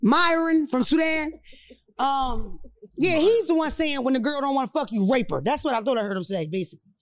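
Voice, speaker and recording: A woman hosting a casual podcast chat, animated and joking, swearing freely as she tells stories. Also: high voice, a little fast. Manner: animated, profane, joking storyteller. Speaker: podcast host.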